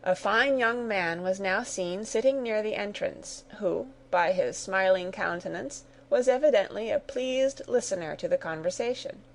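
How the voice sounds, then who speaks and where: Woman reading an english learner story, gravelly voice, steady and clear. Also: medium pitch, normal speed, few pauses, a little hiss or hum, low-quality recording. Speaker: story narrator. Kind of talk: scripted narration of a graded reader.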